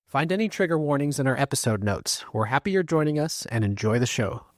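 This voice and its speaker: Male podcast co-host, mid pitch, dry close mic, teasing banter. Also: expressive, a little fast, dry recording. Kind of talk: casual chat.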